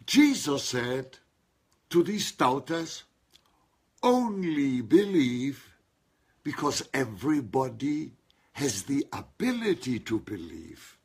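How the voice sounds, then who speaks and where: A man's voice: medium pitch, sing-song, slow pace, husky. A man preaching a sermon, stressing single words and calling on his listeners to respond. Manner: emphatic, calls on listeners to respond.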